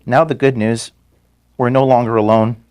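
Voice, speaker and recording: A man's voice: medium pitch, little pitch movement, a little mellow, clean tone. Emotional man giving a farewell address. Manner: halting, repeats words, apologizes for emotion. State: emotional, close to tears. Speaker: founder addressing his staff. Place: office room at headquarters.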